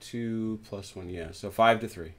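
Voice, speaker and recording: A man hosting a tabletop wargame session, chatting casually as he plays, counting dice aloud and breaking into excited exclamations. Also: on the low side, unhurried, very noisy. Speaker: host, tabletop wargame player. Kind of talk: casual play-by-play while gaming. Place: home, at a game table.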